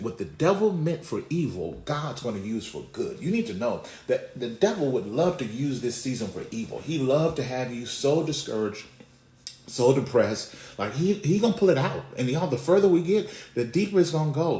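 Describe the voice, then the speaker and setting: A middle-aged man preaching a casual devotional, telling folksy family stories in an animated way. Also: medium pitch, moderate pace. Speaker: pastor. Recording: roomy echo.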